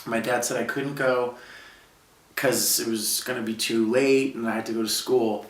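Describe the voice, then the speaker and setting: A man's voice: mid-range voice, fairly even intonation, moderate pace, recorded from a distance. A man in his thirties from Brooklyn, New York, a musician telling personal stories in a casual, heartfelt way. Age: 30s. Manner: casual, heartfelt, heavy use of "like". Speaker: musician guest. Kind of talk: reflective personal storytelling. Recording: roomy sound, speaker away from mic.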